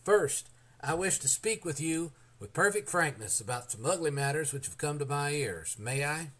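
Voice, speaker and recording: A man reading the lines of a weary, grave aging president in an audiobook of a historical novel, in an earnest, measured way. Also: fairly high pitch, animated, a bit bright.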